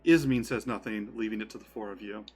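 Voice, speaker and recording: A man's voice: lowish voice, quick pace, a little mellow, husky, faint music behind. A man narrating a tabletop game as game master, in a casual storytelling way.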